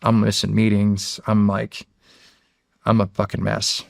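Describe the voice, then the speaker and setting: A deep, gravelly man from Pennsylvania recounts his experiences in a loose, conversational way. He swears often and trips over restarts. His voice sounds close and dry, with no room echo. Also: monotone, measured pace. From Erie, Pennsylvania. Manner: rambling, profane, restarts phrases, acts out quoted dialogue. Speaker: guest, former Navy SEAL. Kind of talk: casual interview storytelling.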